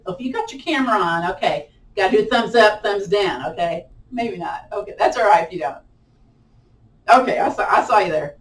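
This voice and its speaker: A woman's voice: mid-range voice, expressive, moderate pace, pauses often. A woman leading a live online chair yoga class, chatty and encouraging, with a lilt and playful whoops during the holds. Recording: roomy echo, mic at a distance.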